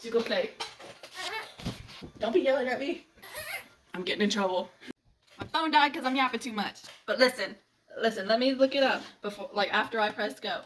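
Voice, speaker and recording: Speaking at a moderate pace with long pauses, a book vlogger with a fairly high voice excitedly rants about her favorite books. The young adult woman is gushing and giggly in her animated retellings, and the mic sits slightly distant with faint background noise.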